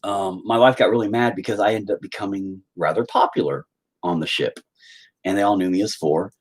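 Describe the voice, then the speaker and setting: On a live stream, a man chats casually with his viewers, crude and jokey, every so often erupting into loud, high-pitched exclamations. He keeps a steady tone and a brisk pace.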